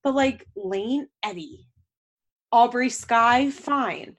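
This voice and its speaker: A woman's voice: medium pitch, expressive, normal speed. A woman chatting casually as a podcast co-host, giggly and full of fillers. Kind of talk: casual chat.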